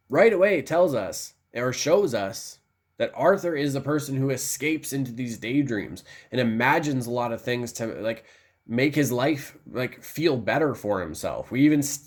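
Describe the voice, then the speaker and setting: A male vlogger chatting through a film review, eager and rambling, full of fillers and quick restarts. His voice sits at a mid pitch for a man. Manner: enthusiastic and rambling, lots of fillers. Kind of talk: casual film review talk.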